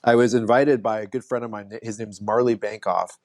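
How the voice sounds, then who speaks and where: A man's voice: on the low side, steady tone, fairly quick, darkish tone, no echo, clean studio sound. A man who is a podcast guest, in casual conversation, telling an earnest story with frequent restarts.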